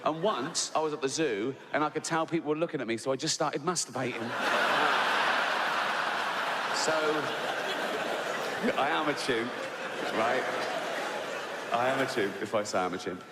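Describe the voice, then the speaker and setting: A man's voice: mid-range voice, normal speed, pauses often. A man doing a rambling, playful stand-up routine in a large theatre. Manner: rambling, playful storytelling with crude voices. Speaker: stand-up comedian. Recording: live hall with long reverb and background noise.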